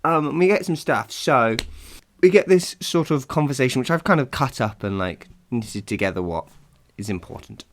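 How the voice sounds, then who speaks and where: A man's voice: mid-range voice, animated, normal speed. A man hosting a casual solo podcast, chatty and rambling, laughing often and poking fun at himself. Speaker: podcast host.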